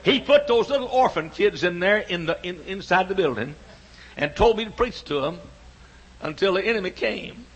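A man in his sixties preaches with a high, husky voice, driving his points home through rhythmic repetition that swells into shouts. The recording is dull and lo-fi. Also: expressive, moderate pace. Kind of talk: sermon. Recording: dull lo-fi sound.

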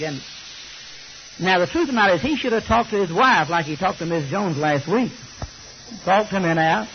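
Brief: older man preaching, joking storyteller, higher voice, muffled lo-fi recording. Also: animated, normal speed, pauses often. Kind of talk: sermon. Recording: slightly muffled recording with faint hiss.

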